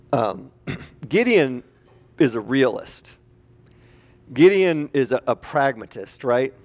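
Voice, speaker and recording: A man preaching a conversational sermon as a pastor, animated and chatty, putting questions to the congregation. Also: medium pitch, takes it slowly, long pauses.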